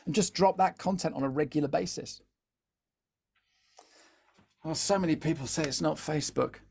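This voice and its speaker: A man's voice: fairly high pitch, moderate pace, creaky, a little mellow, a little hiss or hum. A man giving a live online talk as a social media trainer, chatty, often repeating words and checking in with "yeah?". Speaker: LinkedIn content trainer.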